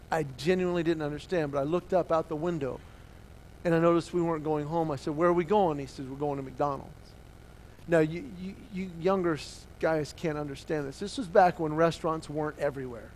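A middle-aged man preaching and telling a personal story, swinging from hushed to loud as he acts out the dialogue. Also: on the high side, slight background noise. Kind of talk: sermon storytelling.

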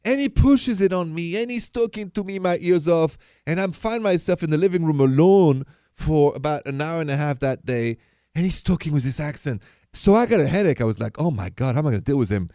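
A man's voice: a little high, dark tone, no echo, clean studio sound. A man hosting a call-in radio advice show, chatty and coaching, repeating his key phrases to drive them home. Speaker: radio dating advice host.

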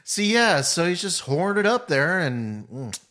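A man's voice: fairly high pitch, very animated, slow pace, pushed and bright. A man co-hosting a casual movie-review podcast, talking in a loose, rambling way full of "like" and questions. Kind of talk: casual chat.

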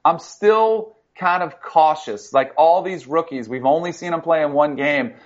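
A man's voice: a little high, a little slow. Man telling sports stories, lo-fi sound. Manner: animated storyteller, many fillers. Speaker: co-host, former football player. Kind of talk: casual sports talk.

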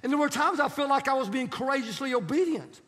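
Man, pastor, sermon, acts out quotes, very high voice, long hall reverb. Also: expressive, fast talker, fairly bright tone. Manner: storytelling with acted-out quotes.

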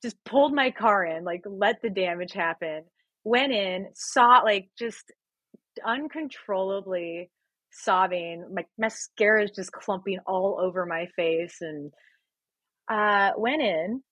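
A woman in her thirties, a singer and actress, telling animated stories as a guest in a casual interview. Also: mid-range voice, takes it slowly, husky, no room sound. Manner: animated, laughing storyteller.

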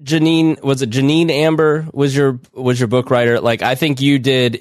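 A man's voice: mid-range voice, little pitch movement, normal speed. A man co-hosting a podcast, chatting easily and joking. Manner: easygoing, joking, laughs often. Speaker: podcast co-host. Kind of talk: casual podcast chat.

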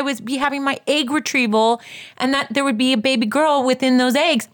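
A woman telling a personal story in a casual, animated way, talking straight to her listeners and skipping details with quick filler. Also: high voice. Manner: animated, addresses listeners as "you guys"; fills gaps with "da, da, da".

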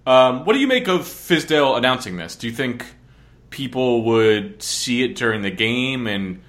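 A man's voice: mid-range voice, lively intonation, moderate pace, a bit bright. A man hosting a casual sports talk show, asking questions and teasing his co-hosts. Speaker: podcast host.

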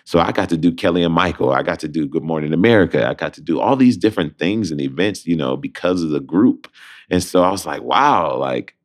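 A man's voice: very deep voice, brisk. A man in his thirties, an interview guest, telling a story casually and acting out the voices in it. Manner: animated, acts out voices in anecdotes.

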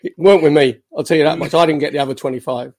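A man's voice: a little high, rapid-fire. Chatty Cockney man telling stories. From East London. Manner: chatty, animated anecdotes with acted quotes. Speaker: guest, former footballer. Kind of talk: casual podcast storytelling. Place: his home in the country.

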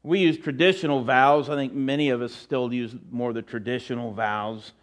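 A man's voice: medium pitch, fairly even intonation, normal speed. A middle-aged man preaching a sermon in church as pastor, telling folksy, rambling stories with many fillers and restarts.

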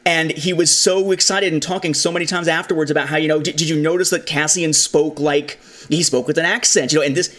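A man with a somewhat high voice hosts a casual discussion about films. He talks with animation, leaning into the lines he quotes. His delivery stays loose and conversational. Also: a bit bright. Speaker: podcast host.

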